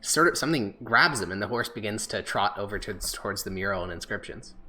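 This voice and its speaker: A man's voice: fairly low pitch, animated, quick pace, sharp tone. Man narrating as game master.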